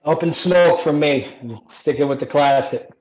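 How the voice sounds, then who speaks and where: A man's voice: fairly high pitch, normal speed, a little mellow, poor audio. A man on a casual panel, easygoing and brief. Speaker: panel guest. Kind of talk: casual chat.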